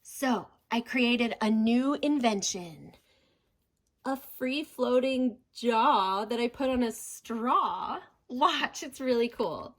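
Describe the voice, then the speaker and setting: Woman, excited show-and-tell, high and lively, unhurried.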